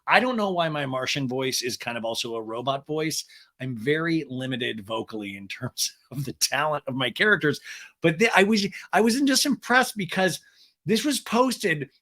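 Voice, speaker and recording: A man's voice: fairly high pitch, normal speed. A man hosting a podcast, chatting casually and animatedly about pop culture. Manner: chatty and animated, with laughs and silly quoted voices. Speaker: podcast host.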